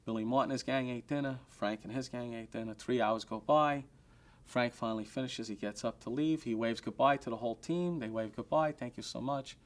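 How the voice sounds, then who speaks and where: A man, a restaurant owner telling an anecdote in an animated way and acting out the quotes. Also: medium pitch, a little fast.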